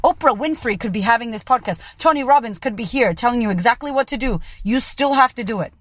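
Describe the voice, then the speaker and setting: A woman's voice: on the high side, expressive, fast talker, fairly bright tone, no room sound. A woman podcast host and coach giving a blunt, profane motivational monologue. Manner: blunt and profane, keeps it real.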